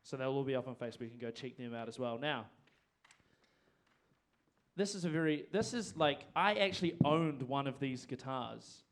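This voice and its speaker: A man's voice: medium pitch, lively intonation, normal speed. A man, hosting a live music event on a handheld mic, rambling and self-deprecating. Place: performing arts venue stage. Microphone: handheld microphone.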